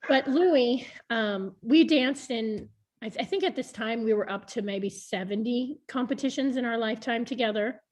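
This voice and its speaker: A woman's voice: fairly high pitch, normal speed, darkish tone. A woman in her thirties chatting frankly about her past on a video call, laughing often. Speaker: board member being interviewed. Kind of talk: casual video call chat.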